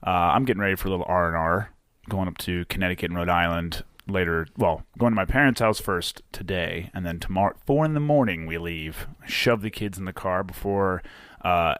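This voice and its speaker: A man's voice: low-pitched, a little fast, clean tone, no echo, studio quality. A man, hosting a podcast in casual, rambling chat and correcting himself as he goes. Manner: relaxed, rambling, self-correcting. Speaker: podcast host.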